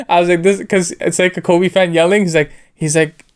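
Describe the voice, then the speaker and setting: Young male co-host, smooth and slightly high voice, laid-back casual chat with lots of fillers. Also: steady tone, a little fast. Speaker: co-host of an anime review show.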